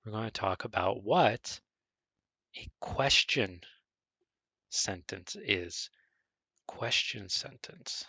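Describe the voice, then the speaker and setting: A man teaching a beginner English grammar lesson over a screen recording, speaking slowly and deliberately, spelling words out and stressing question intonation. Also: fairly low pitch, lively intonation, gravelly, pushed and bright, slightly rough, dry recording.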